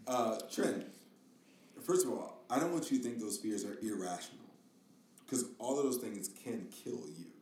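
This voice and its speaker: A man's voice: mid-range voice, animated, moderate pace, a little mellow, reverberant, far from the mic. A middle-aged man hosting a casual family podcast, joking and mock-stern with his kids. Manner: teasing, jokey, mock-stern. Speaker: podcast host and father.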